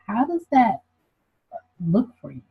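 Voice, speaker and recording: A person playing a counselor in a role-play, asking measured, reflective questions. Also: medium pitch, big pitch swings, vocal fry, breathy edge, full character voice. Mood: calm. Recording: dull lo-fi audio.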